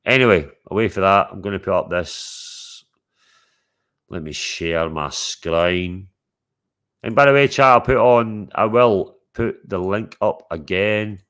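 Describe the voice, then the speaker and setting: A man's voice: sits low, slow, fairly bright tone, clean tone. A man hosting a livestream, chatting casually to his chat, teasing and swearing freely. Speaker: livestream host.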